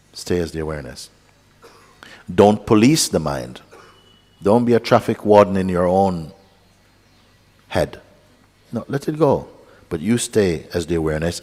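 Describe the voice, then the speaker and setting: A man giving a calm, unhurried satsang teaching as a spiritual teacher, pausing often and speaking softly. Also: sits low. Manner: calm, unhurried, with pauses and soft asides. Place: large meeting hall. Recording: hall with long reverb.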